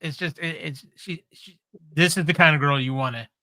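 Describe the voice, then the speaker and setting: A man's voice: a little high, normal speed, bright, forceful tone. A man co-hosting a casual movie podcast, hesitant and stammering as he searches for words. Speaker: podcast co-host.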